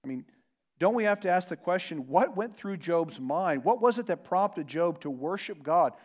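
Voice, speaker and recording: A man preaching a sermon as a pastor, earnest and emphatic, slowing down to stress key words. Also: sits high, lively intonation, darkish tone. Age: adult parent.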